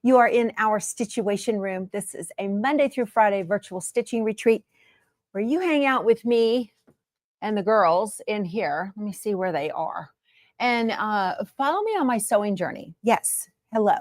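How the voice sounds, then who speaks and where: A woman's voice: medium pitch, moderate pace, a little mellow, no echo, studio quality. A woman hosting her sewing channel in a chatty, homey way from her sewing room. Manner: chatty and homey, many fillers. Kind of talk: casual chat to camera.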